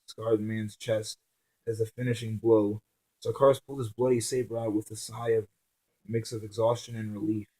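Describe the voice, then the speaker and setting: Man haltingly reading his own story. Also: on the low side, mellow, poor audio. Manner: halting reading with frequent restarts and fillers.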